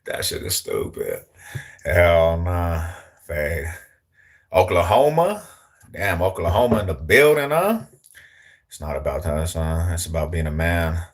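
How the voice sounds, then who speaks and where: Deep-voiced slangy young man chatting. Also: big pitch swings, unhurried, long pauses. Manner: slangy, joking, greets chat viewers. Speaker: livestream host. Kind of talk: casual livestream chat.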